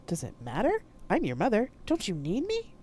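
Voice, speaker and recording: A woman's voice: medium pitch, huge pitch swings, normal speed, dark tone, slightly rough, voice pushed up. A woman reading aloud, voicing the clingy, reproachful ghost of a mother in a storybook reading. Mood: pleading.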